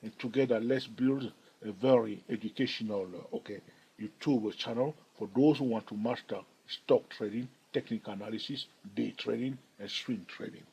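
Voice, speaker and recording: Husky-voiced man teaching stock charts. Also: mid-range voice, normal speed, a little mellow, rough recording. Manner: keeps checking in with "all right?"; chatty and jokey with viewers. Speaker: stock trading channel host. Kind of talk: chart analysis tutorial.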